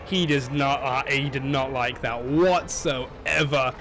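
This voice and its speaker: A young man giving casual, excitable commentary over his own gameplay, yelping and laughing at the game. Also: mid-range voice, takes it slowly, slight background noise. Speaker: gaming channel host.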